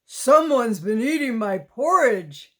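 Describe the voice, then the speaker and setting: A woman voicing a big, indignant father bear in a storybook reading, with a loud bellowing delivery. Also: fairly high pitch, very animated, takes it slowly, heavily acted.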